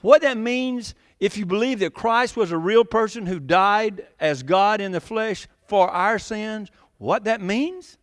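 A pastor with a high, light voice preaches a folksy, conversational sermon. He keeps asking the congregation questions and chuckles as he goes, and his voice sits close and dry with no room sound around it. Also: measured pace, hardly any pauses, dry recording. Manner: conversational, laughs often, asks the congregation questions.

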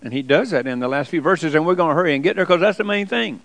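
Male preacher, high voice, dry close sound, folksy and emphatic. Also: quick pace, a bit bright, no room sound. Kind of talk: sermon.

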